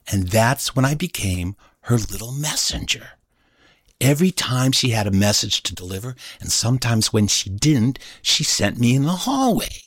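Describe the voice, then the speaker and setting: A man's voice: medium pitch, breathy edge, no echo, studio quality. A man telling a childhood story as a stage storyteller, acting out each voice. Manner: animated, acts out every voice. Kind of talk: told story performance.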